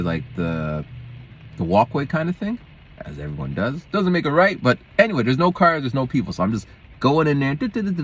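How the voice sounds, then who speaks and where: A man's voice: mid-range voice, fairly bright tone, a little hiss or hum. A man, a schoolteacher, chatting casually to camera and telling rambling stories that jump from topic to topic. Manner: rambling, digressive, jumps between topics. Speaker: schoolteacher and vlogger. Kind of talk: casual vlog storytelling.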